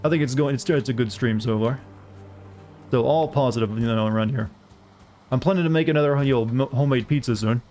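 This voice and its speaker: A man's voice: medium pitch, brisk, a little mellow, a little hiss or hum. A young man from the southern United States, a streamer chatting casually and rambling as he plays, swearing now and then. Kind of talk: casual chat while gaming.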